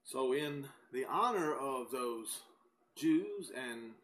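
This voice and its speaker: A man giving a recorded Bible teaching, speaking deliberately and with emphasis, and reading scripture aloud. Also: mid-range voice, animated, a bit bright, poor audio. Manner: slow, deliberate and emphatic, pausing between phrases.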